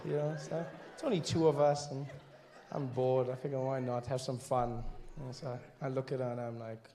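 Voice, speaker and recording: Stand-up comic, man from Africa, high-pitched, animated, does voices, live stage with faint noise. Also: normal speed. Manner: animated, acts out high-pitched characters, bursts into shouting. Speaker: stand-up comedian. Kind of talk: stand-up comedy set. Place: comedy stage before a laughing audience.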